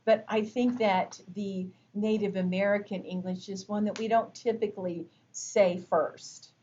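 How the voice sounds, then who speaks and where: A woman instructor giving a recorded lecture, explaining terms in a measured way with frequent fillers. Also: mid-range voice, fairly even intonation, dark tone, dull audio.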